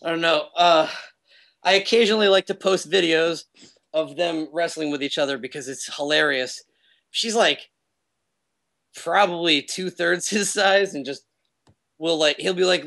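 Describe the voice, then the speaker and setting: A man's voice: on the high side, measured pace, a bit bright. A young man chatting casually as a meetup guest, rambling with loose fillers. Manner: rambling, loose, lots of fillers and self-corrections. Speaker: remote guest speaker at a meetup. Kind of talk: casual chat.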